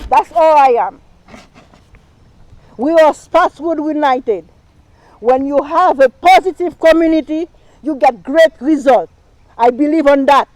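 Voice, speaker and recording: A middle-aged woman who is not a native English speaker delivers a heartfelt campaign speech with a fairly high voice. She speaks slowly and repeats her phrases, with a slip now and then. The sound is close and dry. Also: a little mellow, no room sound, rough recording. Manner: impassioned, repetitive, speaks non-native English with slips. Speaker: town council candidate. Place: live stream rally.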